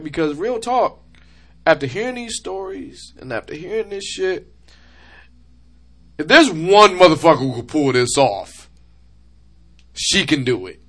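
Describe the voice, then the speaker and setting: A man in his thirties with a bright, ringing voice swings his pitch up and down as he tells an emotional story. He swears freely and talks in a loose, casual way, as a show host. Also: big pitch swings, unhurried, pauses often. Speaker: podcast host. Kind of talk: casual chat.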